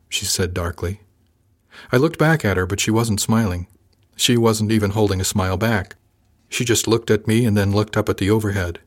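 A man's voice: on the low side, brisk. A man narrating a first-person audiobook in a dry, understated way.

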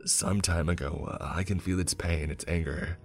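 A man voicing a solemn pastor who speaks slowly and gravely. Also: sits low, steady tone, soft background music. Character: solemn middle-aged male pastor, exorcist.

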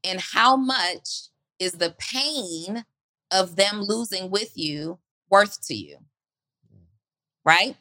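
Woman, motivational podcast talk, earnest rhetorical questions, bright forceful voice, dry close sound. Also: mid-range voice, extremely slow, long pauses, no room sound.

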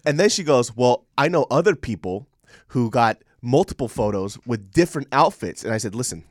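A man in his thirties co-hosting a podcast, telling a story in casual, profane chat and shouting when he quotes himself. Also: mid-range voice, lively intonation, brisk, no echo, studio quality. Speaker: podcast co-host.

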